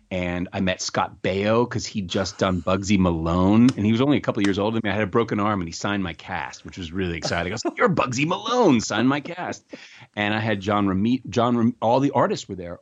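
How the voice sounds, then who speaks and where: A middle-aged actor as an interview guest, telling animated stories with quick restarts. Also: male voice, lowish voice, muffled recording. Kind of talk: casual interview storytelling.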